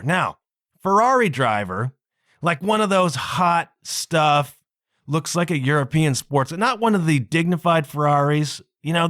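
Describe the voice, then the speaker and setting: Animated male podcast host, lively pitch. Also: dry recording, clean studio sound. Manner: animated, exclaiming, drawn-out words for emphasis. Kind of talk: casual storytelling monologue.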